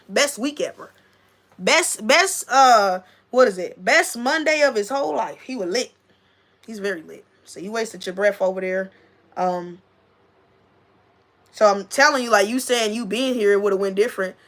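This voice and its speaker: Hosting a livestream, a woman with a medium-pitched, fairly bright voice chats casually but with real emphasis. She goes over the same points more than once and turns to address a friend head-on.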